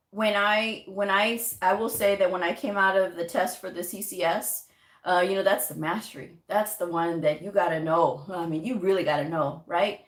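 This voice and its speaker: Woman vlogging, casual motivational chat, animated storyteller, roomy echo. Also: on the low side. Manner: chatty, animated storytelling with laughs and quoted asides. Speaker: medical coding vlogger. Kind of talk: casual motivational talk to camera. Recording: echoey room.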